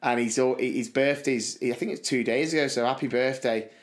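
A British man co-hosts a casual podcast and tells lively stories. He laughs along and acts out the people in them. His voice sits at an ordinary middle pitch. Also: brisk. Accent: British English. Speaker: podcast co-host, teacher. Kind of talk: casual chat.

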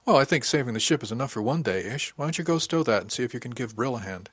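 A man reading a brisk, wry ship's engineer. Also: mid-range voice, lively intonation, fairly bright tone, slightly rough, no echo. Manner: brisk, practical instructions, dry humor. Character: calm, good-humored male ship engineering officer.

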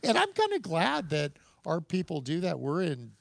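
A man's voice: on the high side, normal speed, gravelly, no echo. A middle-aged man, a guest on a podcast, telling stories in casual conversation and acting out the voices in them. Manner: animated storyteller, acts out quoted dialogue, chuckles between lines.

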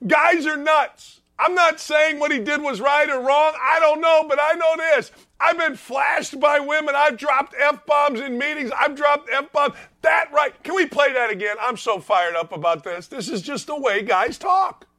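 A man hosting a sports talk show, delivering a fired-up, emphatic rant that keeps repeating its points and bursts into shouts. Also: very high voice, measured pace, hardly any pauses. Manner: emphatic, ranting, repeats himself, swings into shouts. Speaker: sports radio host.

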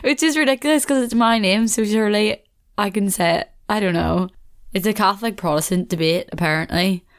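A woman's voice: medium pitch, fairly quick. A young woman with a Belfast accent hosting a casual solo podcast, chatting in a rambling way with frequent laughs. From Northern Ireland. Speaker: podcast host.

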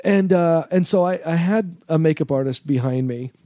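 A man's voice: fairly high pitch, moderate pace, dark tone, no echo, clean studio sound. A man guesting on a podcast, telling rambling, profane stories in casual chat and laughing often. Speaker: podcast guest, former adult-film editor.

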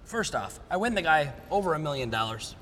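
A man's voice: a little high, very animated, a little fast, a bit bright. A man hosting a podcast, animatedly retelling a story in casual chat and acting out the quotes. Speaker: podcast host. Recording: roomy hall with faint noise.

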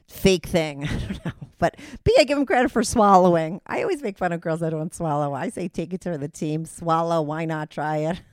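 A woman's voice: lowish voice, dry recording, clean studio sound. A woman hosting a podcast, chatting frankly and casually, with laughing asides. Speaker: podcast host. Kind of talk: casual chat.

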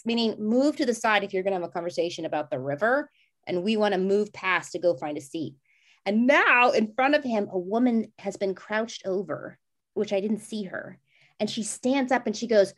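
A woman in her forties with a middle-pitched voice co-hosts a podcast, talking casually and briskly. She rambles through a personal story with many restarts, acting out quoted voices in an animated way with big jumps up in pitch.

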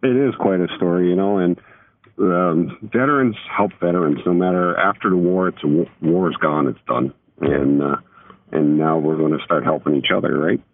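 A man's voice: low-pitched, moderate pace. A man being interviewed on a radio show over the phone, speaking hesitantly with fillers. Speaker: guest on phone. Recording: dry, tinny phone line.

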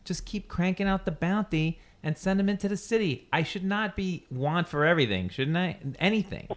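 A man's voice: high voice, expressive, normal speed. A man hosting a casual chat, telling rambling joking stories. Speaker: podcast host.

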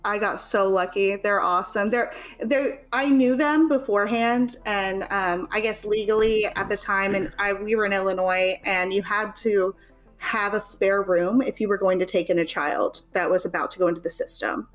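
A young woman speaks as an interview guest. Her delivery is casual and halting, full of fillers as she tells her story. Faint music plays quietly underneath. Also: mid-range voice, steady tone. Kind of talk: personal storytelling in conversation.

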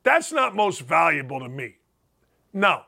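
A man's voice: sing-song, a little slow, gravelly, bright, forceful tone. A man hosting a sports talk show, delivering an opinionated, argumentative monologue and mocking his critics. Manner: emphatic, argumentative, mock-quotes critics in a higher voice. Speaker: sports radio host.

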